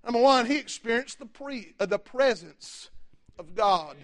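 A man preaching a fiery sermon from the pulpit, shouting often and calling out for amens. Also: very high-pitched, expressive, a little slow. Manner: shouting preacher, repeated "amen" and "my friend". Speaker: pastor.

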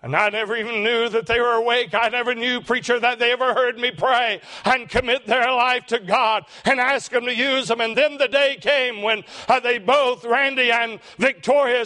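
An older man, preaching a sermon and telling a heartfelt story, slowing down for emphasis. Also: very high-pitched, bright, forceful tone. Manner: emotional, slows for emphasis.

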